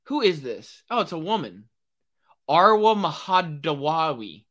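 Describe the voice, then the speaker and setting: Young male podcast host, slightly high voice with lots of swing, excitable ranter who swears freely. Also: a little slow. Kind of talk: solo rambling podcast monologue.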